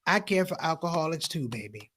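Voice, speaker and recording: A man voicing his suspicious, protective mother in a soft, low, drawn-out tone. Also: lively intonation. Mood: sweetly dismissive.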